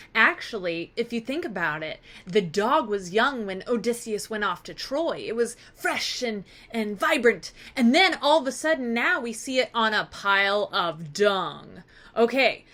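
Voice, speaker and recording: A woman teacher talks through a story for her students in a casual, expressive way. Her voice is bright and forceful and sits a little high. She swings into playful drama as she explains. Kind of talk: casual lesson recap.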